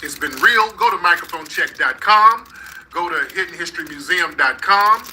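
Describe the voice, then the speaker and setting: A man's voice: high-pitched, lively intonation, normal speed, pushed and bright, a little hiss or hum, rough recording. A man from North Texas hosting a reaction commentary, talking bluntly and heatedly straight to his viewers. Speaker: commentary channel host.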